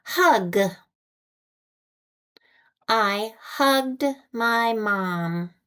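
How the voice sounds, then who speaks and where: American woman teaching phonics, super slow, says every word twice, very clear. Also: a little high, sharp tone. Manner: deliberate, repeats each word with long pauses. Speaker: ESL teacher.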